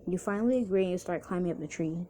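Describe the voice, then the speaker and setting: A woman's voice: fairly low pitch, racing, warm tone, a little hiss or hum. A woman narrating a second-person fan story casually, with restarts and chatty asides.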